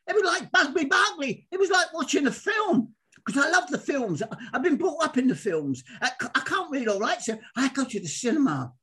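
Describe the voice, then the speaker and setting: Older Londoner, husky and lively, rambling storyteller. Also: male voice, high-pitched. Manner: excitable, rambling, acts out quoted dialogue. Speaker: guest. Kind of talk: animated storytelling.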